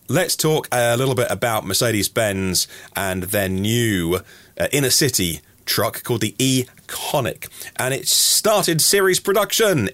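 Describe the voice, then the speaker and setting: Male news podcaster, lowish voice, dry close sound, chatty asides between stories. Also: fairly bright tone, no echo. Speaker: podcast host. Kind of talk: daily news podcast reading.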